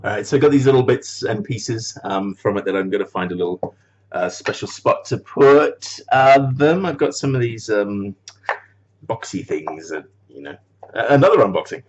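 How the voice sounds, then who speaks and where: Lively man, rambling and laughing. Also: on the low side, normal speed, lo-fi sound. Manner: chuckles often, swears casually, trails off. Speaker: animator vlogger. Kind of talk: casual rambling chat.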